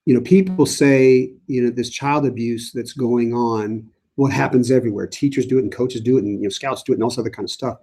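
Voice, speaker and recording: A man's voice: mid-range voice, steady tone, brisk, few pauses, warm tone. Man priest answering live chat. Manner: conversational, many fillers and restarts. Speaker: priest leading a Bible study. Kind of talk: livestream Bible study answering chat questions.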